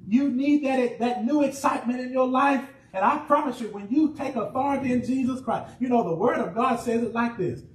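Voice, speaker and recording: A man preaching a sermon as pastor, calling out to the congregation and shouting refrains. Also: very high-pitched, a little fast, few pauses, reverberant, distant mic, low-quality recording. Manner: preacherly call-and-response, rising excitement, shouted refrains. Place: church sanctuary.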